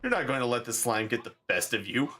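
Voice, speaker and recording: A man streaming, reading game text aloud with animated commentary and laughing asides. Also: mid-range voice, fast talker, soft background music.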